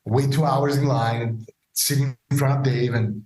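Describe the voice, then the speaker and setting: A man as a podcast guest, telling stories casually and acting out the dialogue with lively voices. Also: medium pitch, normal speed. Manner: animated, acts out quoted dialogue. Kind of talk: casual storytelling interview. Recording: roomy echo.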